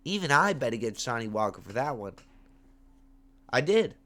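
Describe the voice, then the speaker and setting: A man's voice: mid-range voice, quick pace. A man hosting his own MMA picks show, talking in a casual, slangy way and getting hyped on camera. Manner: animated, slangy, hyped with big swings in loudness. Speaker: MMA betting picks host. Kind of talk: casual fight-pick commentary. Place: at home on camera. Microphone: webcam or phone on camera.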